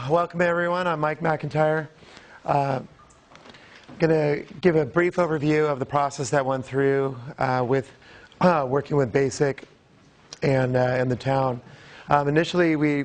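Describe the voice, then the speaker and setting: Hoarse man presenting a design. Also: on the high side. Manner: explanatory, with frequent fillers. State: hoarse, losing his voice. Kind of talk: public meeting presentation. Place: public meeting room.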